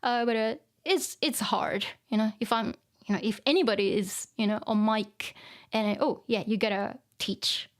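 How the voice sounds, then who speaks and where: A woman's voice: fairly high pitch, normal speed. A woman whose first language is Japanese, chatting casually on a live stream, reading out viewer comments, laughing often and using many fillers.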